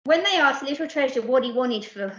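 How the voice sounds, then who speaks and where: A woman reading a children's picture book aloud, lively and putting on voices for the characters. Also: high-pitched, fairly quick, echoey room, dull audio. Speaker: storyteller.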